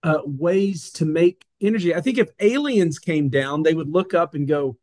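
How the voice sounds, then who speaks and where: A man's voice: a little high, moderate pace, a little mellow. A man speaking as a podcast guest, emphatic and insistent, often repeating words as he builds his point. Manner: emphatic, repetitive, argumentative. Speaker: guest, nuclear industry advocate. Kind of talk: passionate interview talk.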